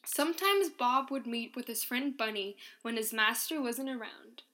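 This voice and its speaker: A woman's voice: a little high, normal speed. Woman narrating a scripted podcast. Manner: reads from a script in an even, explanatory tone, counting beats aloud.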